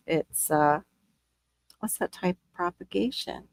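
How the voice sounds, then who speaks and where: A woman hosting a casual chat, talkative and quick to gasp. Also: lowish voice, darkish tone, no echo. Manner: chatty, gardening talk, quick gasps. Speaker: host.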